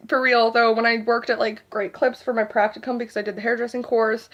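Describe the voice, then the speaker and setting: A woman's voice: on the high side, flat delivery, brisk, a bit bright, lo-fi sound. A young adult woman ranting casually to camera in a vlog, rambling and profane, with a constant filler "like". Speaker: vlogger.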